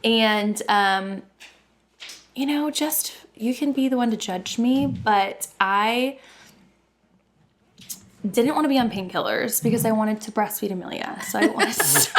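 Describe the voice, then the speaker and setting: A woman's voice: a little high, takes it slowly, long pauses. A woman in her thirties, a podcast co-host, telling a casual story with lots of laughter and swearing. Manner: laughing, animated, swears freely.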